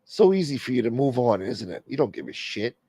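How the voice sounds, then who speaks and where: Gravelly, crude fifties man ranting. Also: medium pitch, very animated, fairly quick, mellow, no echo. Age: 50s. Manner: crude, sarcastic, mocking. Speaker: host. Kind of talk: profane comedic rant.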